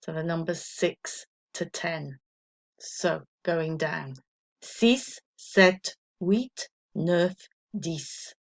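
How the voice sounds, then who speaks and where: In a low-pitched voice, this teacher gives young primary pupils a recorded French lesson, counting out numbers slowly for them to echo. Her manner is patient and encouraging.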